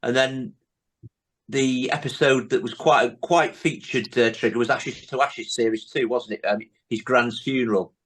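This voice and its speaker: This podcast host has a mid-range, slightly bright voice with fairly even intonation and a moderate pace. In casual conversation, he recounts comedy scenes and leans heavily on tag questions.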